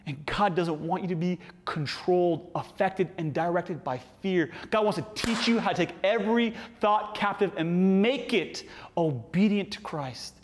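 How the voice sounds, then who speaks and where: A man, a pastor preaching a sermon with animated delivery and playful asides. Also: high-pitched, moderate pace, long reverb tail, slight background noise.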